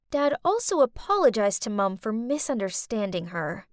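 A woman narrating an animated story in the first person with heartfelt, emotional storytelling. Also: medium pitch, normal speed, no room sound, studio quality.

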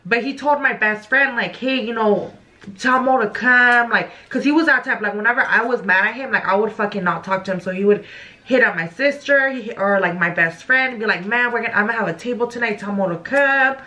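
Bright, high-voiced young woman telling a story. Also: brisk. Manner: animated, profane, full of "like". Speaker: vlogger. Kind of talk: casual storytime.

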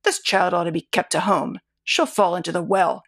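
A woman reading the lines of a gruff, guilty middle-aged farmer in a short story, curt and louder than her narration. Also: medium pitch, big pitch swings, brisk. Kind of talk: audiobook reading.

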